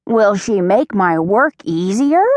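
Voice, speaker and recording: A woman voicing a grumpy male pony in a children's storybook, speaking in a drawling, unhurried way. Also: mid-range voice, animated, a little mellow, no echo, voice pushed up. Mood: grumbling.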